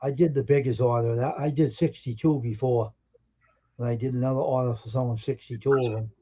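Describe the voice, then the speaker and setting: A man's voice: mid-range voice, steady tone, brisk, dark tone, muffled recording. A man co-hosting a livestream in easygoing, offhand casual chat.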